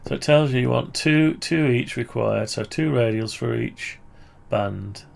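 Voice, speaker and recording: A gravelly, medium-pitched voice at a measured pace belongs to a UK man casually walking through his amateur radio antenna project on screen. He thinks out loud and corrects himself throughout.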